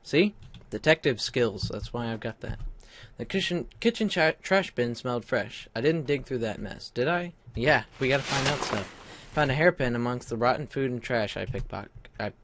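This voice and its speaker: A man's voice: medium pitch, lively intonation, normal speed, fairly bright tone, poor audio. A man hosting a let's play with a slight lisp from a mouth sore, casually reading game text aloud with hesitant, self-correcting, wry asides.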